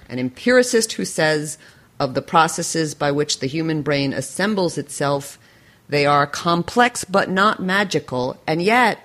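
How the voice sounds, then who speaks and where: A woman hosting a podcast interview, speaking with enthusiasm and playful humor and laughing often. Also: low voice. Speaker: podcast host.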